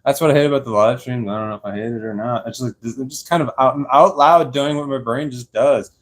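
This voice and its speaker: A young man rambling slowly on a live stream from his sofa, tired and a little slurred, laughing often. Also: medium pitch. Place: dark room on a sofa at home. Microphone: clip-on microphone.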